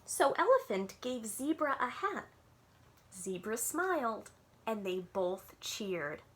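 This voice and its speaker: A woman librarian reads a picture book aloud to young children in a sing-song way. Her voice sits a little high and rises and falls a lot. She takes her time and often stops to ask her little listeners questions. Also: very animated, slow pace, a bit bright.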